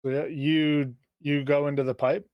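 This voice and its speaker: A man's voice: a little high, little pitch movement, normal speed, no room sound, highs cut off. A man running a tabletop game as game master, hesitating and searching for words as he narrates.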